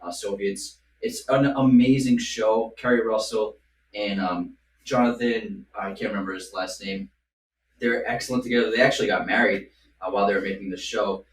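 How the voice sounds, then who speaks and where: A man's voice: lowish voice, steady tone, normal speed. Man in his thirties, podcast chat, playful, roomy echo, faint noise. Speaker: podcast host. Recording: echoey room, distant mic, faint noise.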